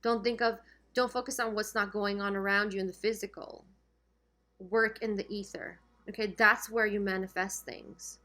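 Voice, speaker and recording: A woman in the middle of a relaxed tarot reading, talking straight to her viewers at a middle pitch. She keeps checking in with them as she goes, and her voice sounds a little strained and worn. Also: moderate pace. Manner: chatty, keeps checking in with "okay?". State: losing her voice. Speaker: tarot reader. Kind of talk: casual spiritual reading to camera.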